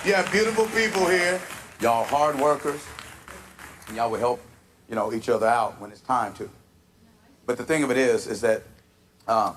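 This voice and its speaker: With a fairly high-pitched voice, a man performs stand-up, telling a story animatedly, doing character voices and laughing as he goes. The live-venue recording is noisy, filled with loud audience laughter and applause.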